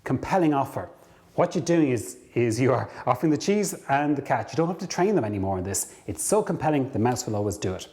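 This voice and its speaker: A man speaking straight to camera in a mid-range voice, coaching his audience through a story about his work. He brings the tale to life by acting out what people said, then slows right down to drive a point home. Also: medium pitch. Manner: lively storyteller, acts out dialogue. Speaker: career coach.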